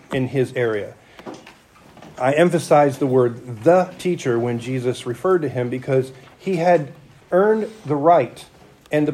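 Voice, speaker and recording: A man's voice: mid-range voice, darkish tone. A middle-aged man, a church elder, preaching a sermon in an explanatory, conversational way with restarts and asides.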